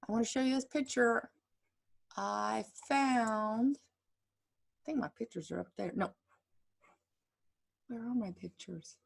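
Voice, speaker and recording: A woman teacher giving an online drawing lesson to children, reading a picture book aloud and chatting. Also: a little high. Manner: slow and chatty, gravelly. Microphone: computer screen share.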